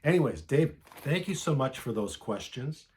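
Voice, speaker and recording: A man's voice: mid-range voice, sing-song, normal speed, a little mellow, a little hiss or hum. A man hosting a vinyl collector channel, chatting casually and rambling with lots of fillers, with hiccups. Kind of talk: casual vlog chat.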